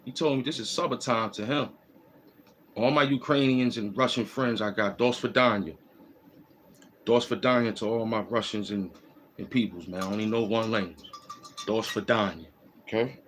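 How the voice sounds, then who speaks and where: A man's voice: on the low side, steady tone, moderate pace, long pauses, slight background noise. A man hosting a casual walking vlog, giving loose, repetitive, slangy street advice. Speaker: host. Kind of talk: rambling streetwise monologue. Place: outdoors in the cold.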